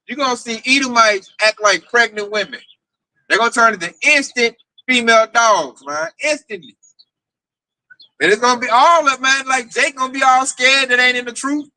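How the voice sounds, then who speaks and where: A man with a very high, very bright voice, preaching in a group discussion and reading scripture aloud at length. The sound is dry and close, with no room around it. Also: no echo, low-quality recording. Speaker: camp teacher.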